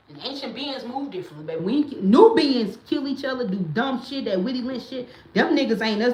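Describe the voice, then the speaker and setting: A woman's voice: high-pitched, very animated, brisk. Blunt, emphatic woman in an echoey room. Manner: blunt and emphatic, swings into loud preaching bursts. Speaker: livestream host. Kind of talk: casual livestream talk.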